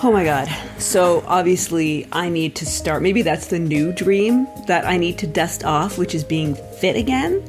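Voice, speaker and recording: Low-voiced, chatty woman comedian. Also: measured pace, hardly any pauses, music in the background. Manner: chatty, rambling and self-deprecating, laughs often. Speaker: comedian and podcast host. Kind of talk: casual podcast chat.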